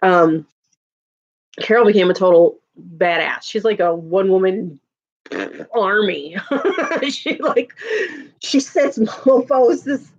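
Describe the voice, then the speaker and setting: A woman's voice: mid-range voice, expressive, slow, pauses often, dull audio. A woman in her thirties chatting casually on a live stream, laughing often and answering viewer comments.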